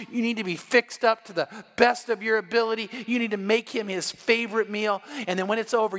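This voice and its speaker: A man's voice: high voice, fairly bright tone, in a large hall. A man preaching an evening sermon, retelling a story and acting out the lines of each person in it. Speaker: pastor.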